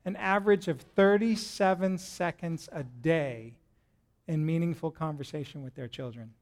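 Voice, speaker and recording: Male pastor, middle-aged, smooth resonant voice, playful sermon to a congregation. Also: fairly high pitch, moderate pace. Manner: lively, jokey, addresses the congregation directly. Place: church hall with a congregation.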